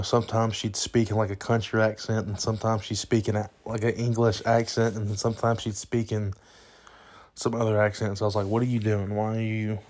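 A young man giving a casual, rambling and enthusiastic spoken movie review, full of restarts and "you know.". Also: lowish voice.

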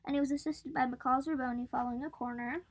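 A woman's voice: high voice, steady tone, fast talker. A woman co-hosting a casual sports podcast, recapping match events with frequent giggles. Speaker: podcast co-host.

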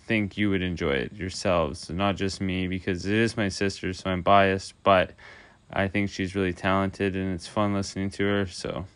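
A man's voice: on the low side, a bit bright, clean tone. A man hosting a casual solo podcast from an empty house, rambling loosely with lots of filler words. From Canada. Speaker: podcast host.

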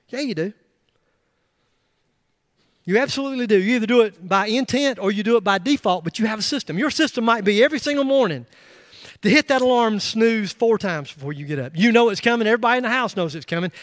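High-voiced man preaching a lively sermon. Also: brisk, dry recording, studio quality. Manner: emphatic, rising to loud bursts with joking asides. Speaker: pastor.

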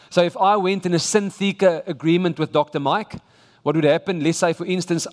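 A man with a South African English accent delivers an emphatic, exhorting sermon with a fairly high voice. He often restarts his phrases. His words ring out with the long reverb of a large church hall. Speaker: preacher.

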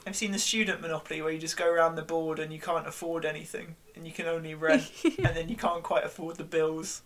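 A man's voice: fairly high pitch, level tone, fast, a bit bright. A man in casual conversation, rambling through ideas with frequent restarts and fillers. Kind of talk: casual chat.

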